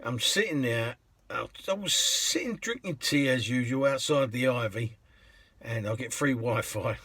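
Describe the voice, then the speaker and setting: A cab driver spins casual yarns about his passengers, rambling along and chuckling at his own tales. His voice is a little husky and sits at an ordinary male pitch. The sound is dry and close, with no room around it. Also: lively intonation, unhurried, bright, forceful tone, no echo. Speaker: cab driver telling stories. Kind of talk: casual anecdote storytelling.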